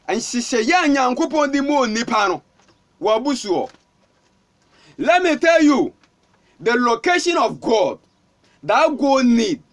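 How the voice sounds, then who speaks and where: Ghanaian pastor guy preaching hard, super high voice, calls stuff out over and over. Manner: fervent, repetitive calling out. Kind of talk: sermon.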